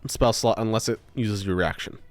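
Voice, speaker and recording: A man's voice: fairly low pitch, moderate pace. A man running a tabletop game as game master, hesitant and full of ums and uhs as he rules.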